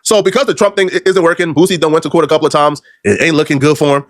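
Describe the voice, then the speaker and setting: A commentary video host rattles off mocking, slang-heavy remarks at a rapid clip. His voice sits slightly high with fairly even intonation, and the close mic keeps it dry, with no room sound at all.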